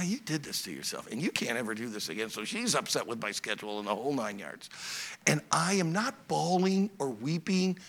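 A middle-aged man preaching a sermon in a church, swinging from loud exhorting to quiet storytelling. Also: fairly high pitch, vocal fry.

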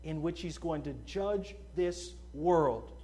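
A man's voice: fairly high pitch, takes it slowly, slight background noise. A man preaching an evangelistic sermon at a church service, emphatic and fervent, reading scripture and pressing his listeners. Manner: emphatic, fervent, rising to shouts.

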